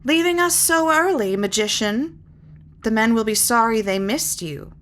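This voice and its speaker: A woman voicing a bitter, worn-out woman outlaw cook in a shrill, scolding voice for a storybook reading. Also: expressive, measured pace, fairly bright tone. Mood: mocking. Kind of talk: audiobook character reading.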